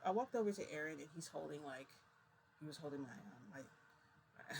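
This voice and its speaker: A woman's voice: low voice, a little hiss or hum, rough recording. A woman casually retelling a story, chatty and full of "I'm like". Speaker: vlogger.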